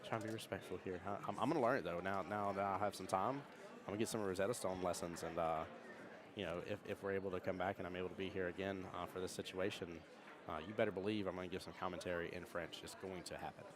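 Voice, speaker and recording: A man's voice: sits low, fairly even intonation, fast talker. An American man giving chatty, rambling live stream commentary at a pool tournament. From United States. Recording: crowd noise.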